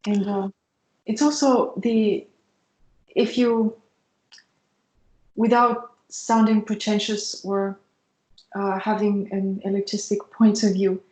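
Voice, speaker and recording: Flat-toned woman, in an echoey room. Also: medium pitch, slow, pauses often. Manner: earnest, explanatory, with frequent fillers. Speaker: co-host of a Christian mentorship show. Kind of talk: casual discussion. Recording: roomy echo.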